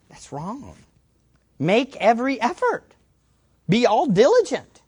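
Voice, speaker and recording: A woman preaching a sermon, her pitch swinging widely as she drives each point home. She repeats key words for emphasis and throws questions out to the congregation. The sound is close and dry. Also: wildly swooping pitch, takes it slowly, long pauses, a little mellow, breathy edge, dry recording.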